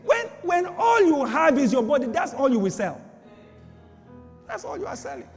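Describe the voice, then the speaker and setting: A male preacher with a strikingly high, lively voice, driving home his points with repetition and rhetorical questions. He is heard in a hall with a long reverb, with faint music underneath. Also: normal speed, gravelly. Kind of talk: sermon.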